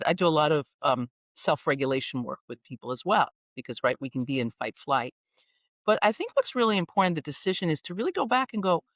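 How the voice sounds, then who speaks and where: A woman coach talks with animated, playful energy and a love of wordplay. Her voice comes through muffled and a little dull. The room sounds dry, with no echo. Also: deep voice. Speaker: guest executive coach. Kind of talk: conversational podcast interview.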